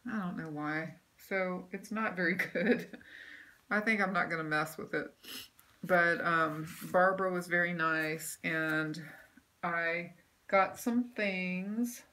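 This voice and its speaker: A woman's voice: on the low side, takes it slowly, sharp tone. A woman chatting casually at home about her stitching projects, rambling with lots of ums and restarts. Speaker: cross-stitch vlogger. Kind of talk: casual show-and-tell chat. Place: home room.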